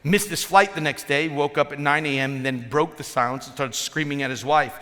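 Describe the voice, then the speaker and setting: Bright-voiced animated preaching pastor. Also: male voice, on the high side. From northern United States. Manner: lively, animated preaching with asides and quick repeats. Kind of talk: sermon. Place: large church hall. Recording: church hall reverb with soft music.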